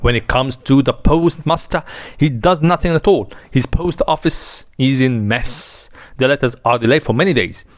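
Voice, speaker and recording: A man's voice: medium pitch, moderate pace, no room sound, studio quality, close to an everyday voice. A man reading a sly, gossiping commissioner. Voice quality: sly, confiding. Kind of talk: dramatic reading of a play.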